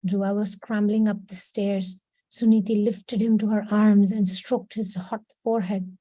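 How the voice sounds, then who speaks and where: A woman reading a children's story aloud to a class, steady and clear, with short quoted voices for the characters. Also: mid-range voice, a little slow, no room sound, poor audio. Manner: reads steadily, slips into brief quoted voices. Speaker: class reader.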